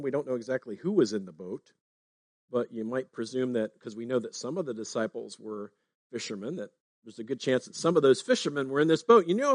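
A man's voice: medium pitch, no echo, clean studio sound. A man preaching a sermon in a conversational way, often checking in with "right?". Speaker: pastor.

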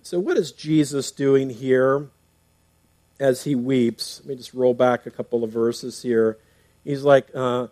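A man's voice: mid-range voice, measured pace, dark tone, no echo. A man preaching a sermon in a conversational way, reading scripture aloud and explaining it, often restarting with fillers. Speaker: pastor.

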